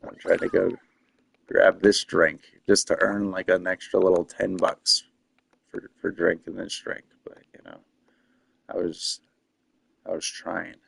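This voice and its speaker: A man's voice: low voice, little pitch movement, a little slow, gravelly, pauses often, a bit bright, breathy edge, no echo. A man chatting casually on a live stream, rambling with many fillers and frequent laughs.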